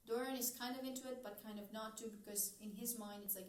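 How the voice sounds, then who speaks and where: A woman's voice: a little high, fairly even intonation, brisk, hardly any pauses. Podcast co-host, woman in her twenties; rambling casual chat, distant from the mic in a roomy space. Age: 20s. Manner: rambling, heavy use of "like". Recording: faint, echoey, mic off.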